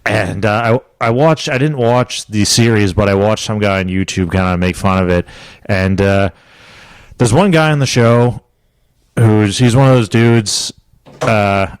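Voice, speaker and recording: Young guy rambling thru a story on a podcast, lowish voice, dry close mic. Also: a little slow, smooth, no room sound. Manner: rambling, laughing storyteller with squealed quotes. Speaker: podcast co-host. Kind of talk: casual chat, storytelling.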